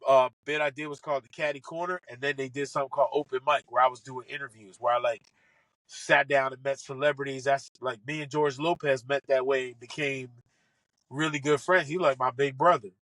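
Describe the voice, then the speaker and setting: A man, a comedian guest on a podcast, telling funny stories in an animated, excitable way and acting out the lines of the people in them. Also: medium pitch, fairly quick, no room sound, poor audio. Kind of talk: casual comic storytelling.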